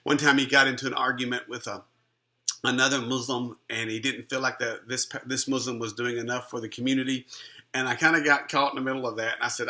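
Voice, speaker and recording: Bright-voiced man telling an earnest story. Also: medium pitch, flat delivery, fast talker. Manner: earnest, conversational, many restarts. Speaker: Christian minister and life coach. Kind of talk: personal testimony storytelling.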